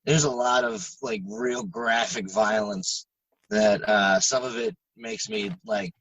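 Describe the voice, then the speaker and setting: Guy cohosting a podcast, crisp bright gravelly voice, stressed, talks straight, lots of restarts. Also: medium pitch, lively intonation, recorded from a distance, highs cut off. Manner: frank and candid, swears freely, halting restarts. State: stressed and upset. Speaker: podcast co-host. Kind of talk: casual chat.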